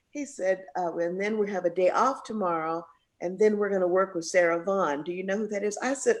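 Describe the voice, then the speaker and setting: A woman spinning a story in a conversational interview, jumping high and low as she acts out the people she quotes. Her speaking voice sits in a middle register and her delivery is lively and expressive. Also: brisk. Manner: animated storyteller, acts out quoted voices with big pitch jumps. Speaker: jazz singer, guest.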